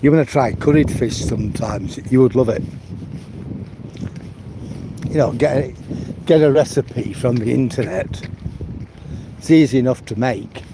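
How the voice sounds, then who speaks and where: A man chats away while out walking in the countryside, rambling and leaning on "you know" often. His voice sits at an ordinary middle pitch. Clear outdoor noise and the odd passing vehicle sit behind him on a phone recording. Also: measured pace, pauses often. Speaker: live-stream host. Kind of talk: casual chat while walking. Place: outdoors on a rural walk.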